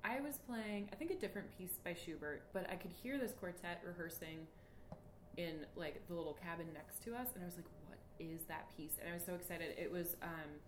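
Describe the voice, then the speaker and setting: A woman's voice: on the low side, fairly quick, roomy sound, background noise. A woman hosting a podcast in casual chat, laughing often and reading passages aloud. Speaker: podcast host.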